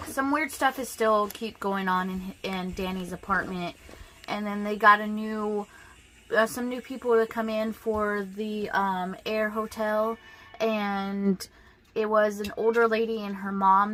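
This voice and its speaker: A woman's voice: medium pitch, fairly bright tone, slight background noise. A woman giving a casual book vlog update, chatting loosely with lots of ums, likes and restarts. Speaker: book vlogger.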